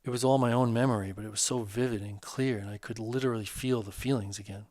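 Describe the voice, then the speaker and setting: A man voicing a divorced man in middle age opening up earnestly about an old hurt, in casual, halting speech. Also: medium pitch, fairly even intonation, a little mellow, dry recording, studio quality, natural voice.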